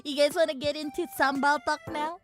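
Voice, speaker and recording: A woman with an Indonesian accent chats casually with her stream viewers. Her voice sits extremely high, and she is excitable, often breaking into playful shouts. Background music plays clearly behind her. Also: fairly quick.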